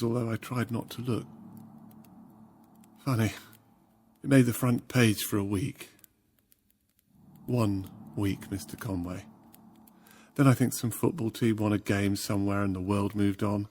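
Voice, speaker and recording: Courteous cold villain, low voice, measured, game dialogue. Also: male voice, darkish tone, a little hiss or hum. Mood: musing. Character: calm, sinister middle-aged male kidnapper. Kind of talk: video game voice acting.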